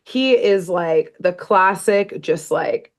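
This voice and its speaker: Speaking slowly in a lowish voice, a woman co-hosts a podcast and casually recaps a cartoon episode. She rambles like a chatty storyteller, joking, laughing and tossing in asides.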